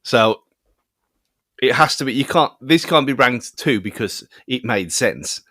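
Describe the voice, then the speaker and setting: Male co-host, middle pitch, dry close mic, rambling film chat full of restarts. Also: animated, a little slow, pushed and bright, no room sound. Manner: rambling, many restarts and fillers. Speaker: podcast co-host. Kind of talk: casual film review chat.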